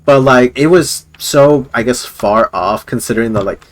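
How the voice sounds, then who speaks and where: A man's voice: medium pitch, normal speed. A man streaming live, rambling casually with lots of fillers and chuckles.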